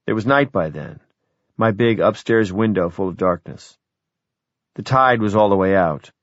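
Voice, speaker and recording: Brief: middle-aged male audiobook narrator, low reflective voice, dry booth sound. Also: dry recording, muffled recording. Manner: measured, reflective first-person storytelling. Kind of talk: scripted narration.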